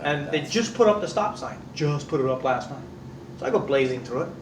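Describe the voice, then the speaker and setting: A middle-aged man from California telling stories to a class, fairly high for a man, acting out everyone in them and cursing freely. He is picked up from across an echoey room, with faint ambient noise. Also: brisk. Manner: animated storyteller, acts out voices, swears casually. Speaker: instructor. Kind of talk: anecdotes in a class. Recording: echoey room, distant mic.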